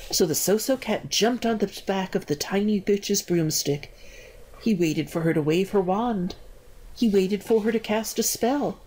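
An older woman reading a picture book aloud, slow and expressive. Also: medium pitch, a little hiss or hum. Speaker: storybook reader.

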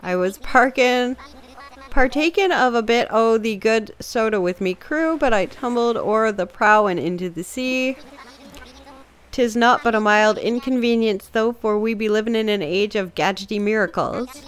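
A woman's voice: fairly high pitch, moderate pace, close to an everyday voice. A woman voicing a sleepy, blustering male seagull pirate captain, reading game dialogue aloud with pirate talk and growled arrs.

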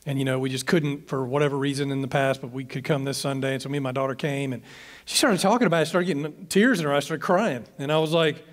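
A man's voice: medium pitch, fast talker, in a large hall. A man, a pastor giving an informal, rambling talk to church leaders and often restarting his phrases.

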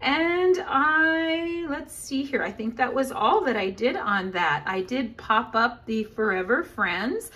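A woman's voice: on the high side, lively intonation, slow, hardly any pauses, pushed and bright. A woman giving a casual crafting tutorial, talking in a chatty, upbeat way with frequent fillers. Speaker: scrapbooking demonstrator.

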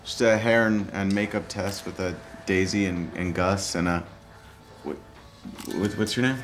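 An American actor playing an actor in London, talking in an awkward, halting way and stumbling over his words. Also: deep voice, fairly even intonation, soft background music, natural voice. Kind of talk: short film acting.

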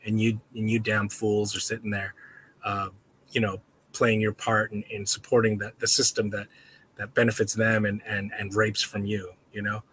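Bright-voiced man rambling on a livestream. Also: level tone, slight background noise. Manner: rambling, halting, with frequent restarts; high baby talk to a dog. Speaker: livestream host. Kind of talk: casual livestream chat.

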